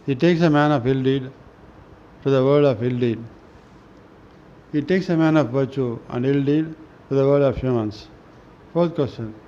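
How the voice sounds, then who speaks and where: A man reading spiritual scripture aloud in a slow, halting way, often restarting words and clearing his throat. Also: medium pitch, warm tone. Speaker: reader of a spiritual newsletter. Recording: dull lo-fi recording with faint noise.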